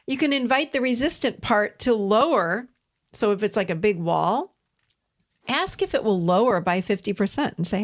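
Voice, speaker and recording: A middle-aged woman hosting a solo podcast as a therapist, gently coaching listeners through exercises. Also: medium pitch, lively intonation, moderate pace. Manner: gentle, coaching, speaks imagined dialogue softly.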